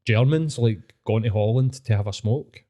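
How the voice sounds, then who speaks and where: A Scottish man hosting a podcast, telling sweary, animated stories in casual chat. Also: on the low side, normal speed. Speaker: podcast host.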